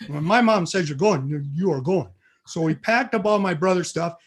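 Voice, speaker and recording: A middle-aged man telling a funny family story on stage, animated and acting out the voices. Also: a little high, normal speed, breathy edge. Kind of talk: live comic storytelling.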